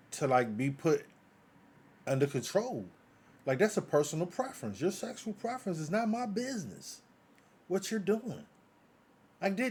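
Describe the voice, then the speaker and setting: An American man holds forth in a live audio chat room at a middling pitch. He talks in emphatic, repetitive bursts and keeps throwing rhetorical questions at the listeners. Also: darkish tone. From United States. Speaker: guest commentator.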